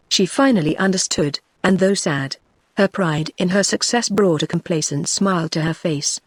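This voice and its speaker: A text-to-speech woman's voice with a British English accent, reading a classic novel as audiobook narration in an even, synthetic manner. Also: lowish voice, moderate pace, no echo. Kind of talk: scripted narration.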